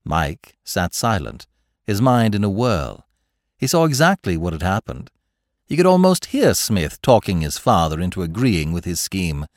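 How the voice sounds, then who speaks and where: A man narrating a classic story in an expressive storytelling manner. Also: deep voice, normal speed, no room sound, clean studio sound. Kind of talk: scripted audiobook narration.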